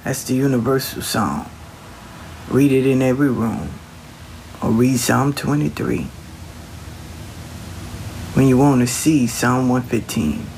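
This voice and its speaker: A man's voice: medium pitch, slow pace, vocal fry, long pauses, darkish tone, a little hiss or hum. Man giving folksy, reassuring spiritual advice. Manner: Southern Black vernacular, folksy, reassuring, drops into whispers. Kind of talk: casual inspirational talk.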